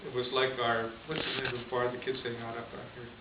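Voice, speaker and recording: Chuckling priest in an echoey room. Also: male voice, medium pitch, completely flat delivery, fast. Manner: conversational, chuckles often. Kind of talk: storytelling homily. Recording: distant echoey lo-fi room recording with hiss.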